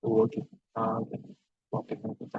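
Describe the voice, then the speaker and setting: A man with a Ghanaian accent teaching programming in an online lecture, talking in a halting way with many restarts and repeated words. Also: lowish voice, monotone, husky, no room sound. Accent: Ghanaian English. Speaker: programming instructor. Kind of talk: online lecture with screen sharing. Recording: dull lo-fi online call audio.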